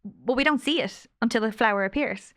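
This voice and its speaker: Bright-voiced woman, effusive storyteller. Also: on the high side, brisk. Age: late 30s. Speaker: guest, angel healer. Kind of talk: casual podcast conversation.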